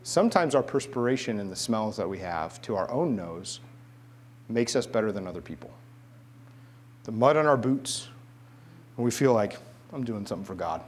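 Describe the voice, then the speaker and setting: A middle-aged man preaching a sermon, mixing a humorous personal story with quiet, emphatic repetition. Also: medium pitch, slightly rough.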